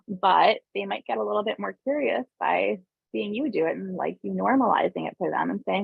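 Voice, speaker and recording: A woman presenting a parenting webinar in a relaxed, conversational way, often adding tag questions. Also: medium pitch, a little fast, creaky, breathy edge, dry recording. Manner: calm explaining tone, briefly voices parents and kids. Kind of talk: informal online presentation. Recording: tinny phone-like dry webinar audio.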